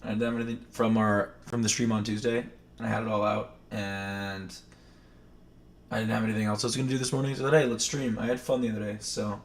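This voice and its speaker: A man's voice: lowish voice, level tone, fast. A man from New England hosting a livestream, chatting in a rambling, self-correcting way. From New England, Maine. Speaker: livestream host. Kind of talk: casual chat. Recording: echoey room, distant mic.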